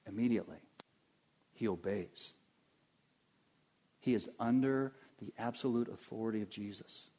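Speaking directly to his congregation, a pastor preaches emphatically, his delivery moving between low, quiet passages and loud, high ones. He keeps a moderate pace and pauses often.

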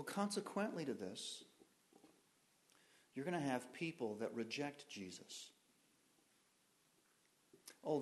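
A man delivers a sermon to his congregation in a voice of middling pitch. He keeps asking his listeners questions and moves between loud, stressed lines and hushed, softer ones. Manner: asks the congregation questions, swings between loud emphasis and quiet. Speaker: pastor.

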